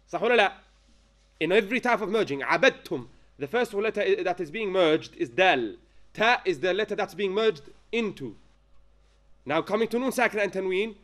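A man teaching a Quran recitation class. He dictates notes slowly, asks the students frequent questions to check they follow, and chants verses as examples. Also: high-pitched, fairly bright tone. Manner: chants Arabic verses when giving examples. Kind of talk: classroom lesson.

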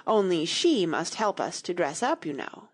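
A woman's voice: lowish voice, big pitch swings, normal speed, slightly rough. A woman voicing a sulky, grave boy twin who talks in a solemn, complaining way.

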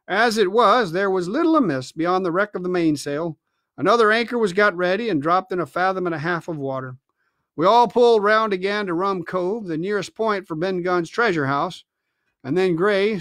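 High-voiced man reading a novel aloud. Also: no echo, clean studio sound. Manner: expressive storytelling. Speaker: reader.

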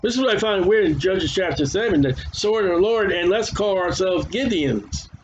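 This man preaches casually and reads aloud from scripture, stumbling on hard names in a worn voice. He is high-pitched and expressive at a normal speed. The recording is dull and lo-fi with a little hiss or hum.

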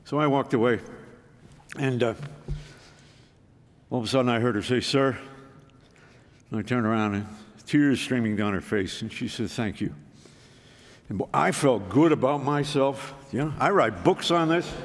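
Man, storytelling talk, folksy, restarts, middle pitch, echoing hall. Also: normal speed, pauses often. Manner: folksy, self-deprecating with frequent restarts. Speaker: speaker. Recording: reverberant hall.

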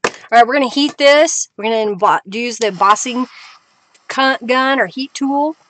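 A woman's voice: fairly high pitch, moderate pace, fairly bright tone. A woman hosting a live crafting stream, chatting casually as she works and greets viewers. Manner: chatty, reads out viewer comments with bursts of cheer. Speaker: crafting livestream host.

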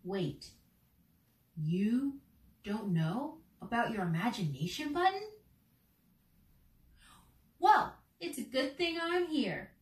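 A woman's voice: fairly high pitch, big pitch swings, echoey room, far from the mic. Playful woman leading kids' theater games. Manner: bright, encouraging, slow and playful, talks straight to children. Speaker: children's theater teaching artist.

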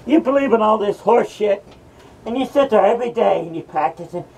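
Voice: medium pitch, lively intonation, brisk, vocal fry, a little mellow, breathy edge, distant mic, poor audio. A performer voicing a mocking male madman from hell who hosts a horror rant, taunting and cursing at the listeners. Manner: ranting, taunting, cackling, profane.

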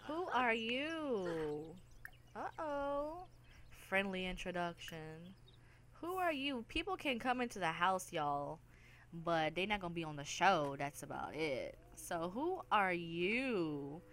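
A woman's voice: on the low side, big pitch swings, slow, fairly bright tone. A woman hosting a let's play, giving playful, chatty, teasing commentary over game chatter. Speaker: gaming channel host.

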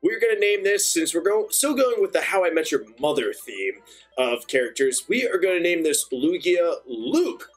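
A young man hosting a gaming channel, giving chatty, excitable let's-play commentary. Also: fairly high pitch, normal speed, soft background music. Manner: excitable, chatty, bursts into cheers.

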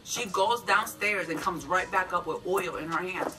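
A woman's voice: on the low side, normal speed, bright, forceful tone, recorded from a distance, soft background music, rough recording. A woman in her twenties telling a dramatic, profane story in a casual vlog. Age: 20s.

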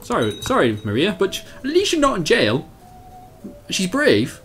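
A young man talks through his game at the desk, his voice rising and dipping all over the place as he swears at the screen and mocks himself. Keys clatter under his speech and faint game music runs quietly behind him. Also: high-pitched, measured pace. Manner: animated, swearing, self-mocking, talks to the game. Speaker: let's play host. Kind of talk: casual gameplay commentary.

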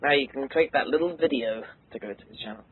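A teenage boy with an English accent rambles through a casual game commentary, cracking jokes and getting excitable. His voice is a bit husky and comes through dry and tinny, like a voice call. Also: mid-range voice, fast, no echo. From England. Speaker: let's play host. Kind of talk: casual gaming commentary chat.

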